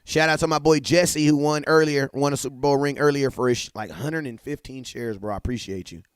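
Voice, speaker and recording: Casting: young male livestream host, hyped slangy fan chat, smooth voice, dry close sound. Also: mid-range voice, a little fast, no room sound. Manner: hyped, slangy, talks straight to chat with shout-outs. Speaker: livestream sports talk host. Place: home setup at a computer.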